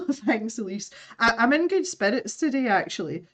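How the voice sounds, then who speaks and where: A woman's voice: on the high side, sing-song, normal speed. A woman with a Scottish accent hosting an art live stream, chatting casually while she draws, laughing often and greeting viewers.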